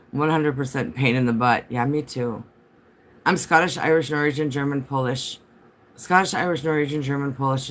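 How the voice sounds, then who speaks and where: A man's voice: medium pitch, fairly bright tone. Male livestreamer at home, mid-range voice, chatty and meandering, talks straight to viewers. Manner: rambling, chatty, answers viewer comments. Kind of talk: casual livestream chat.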